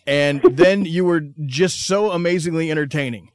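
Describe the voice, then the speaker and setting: A man's voice: a little high, moderate pace, clear, resonant tone, dry recording, clean studio sound. A man hosting a radio interview, talking like an eager fan who fumbles for his words. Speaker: radio show host. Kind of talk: casual interview chat.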